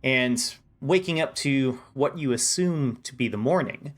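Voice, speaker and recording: A man's voice: mid-range voice, measured pace. A man running a tabletop game as game master, easygoing with his players and setting the scene in narration.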